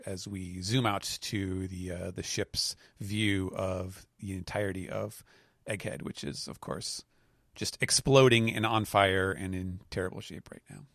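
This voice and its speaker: A man hosting a podcast, casually recapping a manga chapter and acting out quoted lines with animated voices. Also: low voice, unhurried, vocal fry, dry recording, clean studio sound. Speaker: podcast host.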